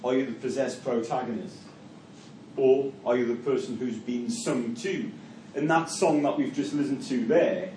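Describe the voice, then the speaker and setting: A man's voice: mid-range voice, normal speed, mellow, a little hiss or hum. A man teaching a class about songs, putting a string of rhetorical questions to his listeners. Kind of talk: lecture on analysing songs. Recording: echoey room, mic from far off.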